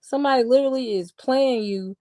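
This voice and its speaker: A woman's voice: sits high, brisk, a little mellow, dry recording. A woman giving casual reaction commentary in a sarcastic, mocking tone, talking back at what she watches. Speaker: online commentator.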